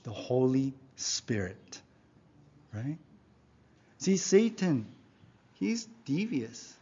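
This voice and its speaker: A man's voice: sing-song, drawn-out words, slightly rough. Emphatic preaching man, dull lo-fi sound. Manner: emphatic preaching, frequent rhetorical "right?" and "yeah?"; swings between loud exhortation and quiet low asides. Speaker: pastor. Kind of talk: sermon. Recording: dull lo-fi recording.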